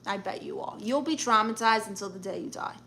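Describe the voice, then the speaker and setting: A woman's voice: mid-range voice, a little fast, gravelly, pushed and bright, slight background noise. A woman hosting a casual live stream, reading viewer comments aloud and answering with blunt, sassy comebacks. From Puerto Rican and Guatemalan family.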